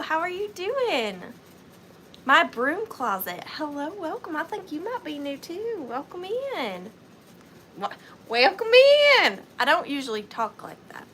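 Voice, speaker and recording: This livestream host, a woman from Georgia in the US, has a very high-pitched, fairly bright voice with a Southern accent, and a slight hiss or hum is audible. She chats sweetly with viewers and greets them by name.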